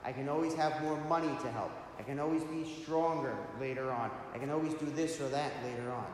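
A man speaking as a gentle, patient Christ figure who teaches calmly, in an echoey hall. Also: on the high side, brisk, close to an everyday voice. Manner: calm, instructive. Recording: echoey hall, faint hiss.

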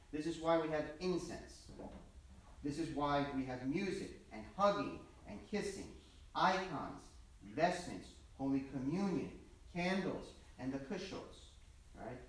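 A man preaching as a priest, telling stories and repeating his points in a plain, conversational way. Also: fairly high pitch. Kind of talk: sermon with storytelling. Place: large church. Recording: very echoey church from far off.

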